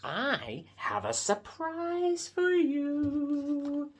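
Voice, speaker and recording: A man voicing an excitable, cheerful female pig in a read-aloud storybook, high and drawn out. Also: extremely slow, heavily acted. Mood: gleeful.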